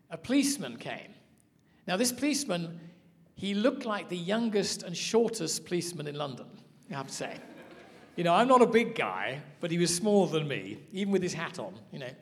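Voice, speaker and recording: A man teaching a sermon, telling stories in an animated way. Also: fairly high pitch. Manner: storytelling, animated. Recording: hall reverb.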